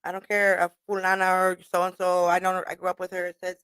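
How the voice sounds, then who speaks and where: A woman's voice: fairly low pitch, fast talker, smooth, no room sound. A young woman hosting a radio show, casually telling a story with a lot of swearing and laughter. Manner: profane, laughing, animated retelling.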